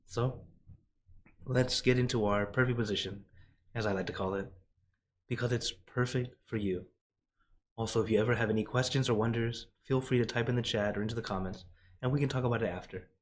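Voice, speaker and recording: A man who is a monk, leading a guided meditation in slow, gentle, drawn-out phrases, his voice a little rough from a cold. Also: mid-range voice, steady tone. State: has a cold, voice lower than usual.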